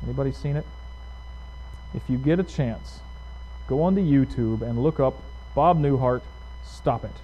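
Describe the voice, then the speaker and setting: A man's voice: medium pitch, moderate pace, long pauses, mellow, dull audio, slight background noise. A male pastor preaching a sermon in a conversational way, putting questions to his congregation. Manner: conversational, asks the audience questions.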